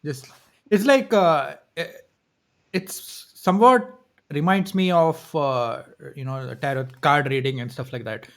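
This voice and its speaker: Male co-host, raised pitch, hesitant and chatty, lots of false starts. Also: measured pace, fairly bright tone. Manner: hesitant, many restarts and laughs. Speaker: podcast co-host. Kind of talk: casual live-stream chat.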